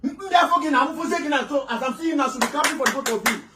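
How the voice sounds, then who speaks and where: A woman playing an exasperated female relative who scolds two quarrelling wives, shouting and stammering repeats. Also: sits high, rapid-fire, noisy background, lightly acted. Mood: scolding. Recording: roomy room, voice from a distance.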